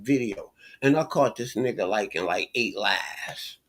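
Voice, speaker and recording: A man's voice: fairly low pitch, lively intonation, unhurried, few pauses, fairly bright tone. A man streaming a reaction to a video, talking with heated scorn, repeating himself and swearing. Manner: scornful, repetitive, swears a lot.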